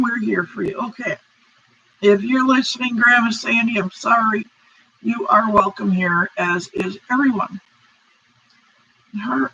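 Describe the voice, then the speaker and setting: Slow, apologetic woman chatting on a live stream. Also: fairly high pitch, gravelly, bright, forceful tone, slightly rough. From United States. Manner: apologetic, rambling, reads chat aloud. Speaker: crochet channel host. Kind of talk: casual live-stream chat. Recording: dull lo-fi stream audio.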